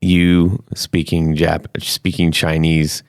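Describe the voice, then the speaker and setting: A man's voice: rumbling low, little pitch movement, slow pace, creaky, clean tone, dry recording, studio quality. A man hosting a casual podcast interview, jokey and enthusiastic, prone to big laughs. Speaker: podcast host.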